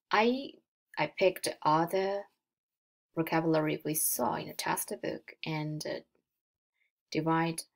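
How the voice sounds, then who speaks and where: Unhurried woman teaching with a Mandarin accent. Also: on the low side. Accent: Mandarin Chinese. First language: Mandarin Chinese. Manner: explains slowly step by step, models tones aloud. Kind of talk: recorded slideshow lesson.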